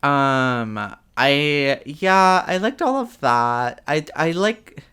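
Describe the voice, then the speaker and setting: Woman co-host, smooth clear voice, casual chat, hesitant rambler with fillers and restarts. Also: deep voice, sing-song, drawn-out words, a bit bright. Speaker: podcast co-host.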